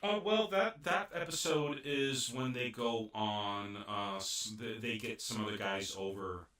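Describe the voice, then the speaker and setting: A man's voice: on the low side, unhurried. Rambling man in an echoey room. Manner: rambling, animated retelling with many restarts. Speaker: podcast co-host. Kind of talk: casual anime review chat.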